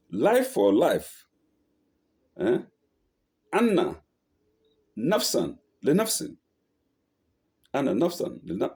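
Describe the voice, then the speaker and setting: A Quran teacher leads a scripture lesson verse by verse, reciting every line before translating it slowly. He corrects himself and throws in "eh?" as he goes. His relaxed, dark-toned voice swings widely, leaping up and dropping down in pitch.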